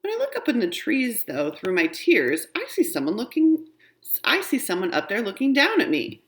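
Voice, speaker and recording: A woman's voice: fairly high pitch, wildly swooping pitch, moderate pace. A woman reading a children's book aloud, narrating expressively in a young girl's first-person voice. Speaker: audiobook reader.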